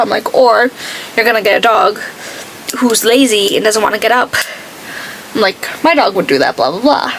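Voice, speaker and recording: A woman's voice: a little high, animated, moderate pace, long pauses, fairly bright tone, slight background noise, poor audio. A woman beauty vlogger chatting casually while she does her makeup, telling stories and acting out what other people said. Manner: chatty storytelling, acts out quoted people.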